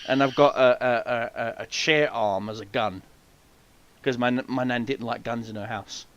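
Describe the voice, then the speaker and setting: A man hosting a podcast, telling an animated story full of swearing and acted-out voices. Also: medium pitch, moderate pace, highs cut off, slight background noise. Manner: swears freely, animated, acts out quoted voices. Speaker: podcast host. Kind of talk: casual storytelling chat.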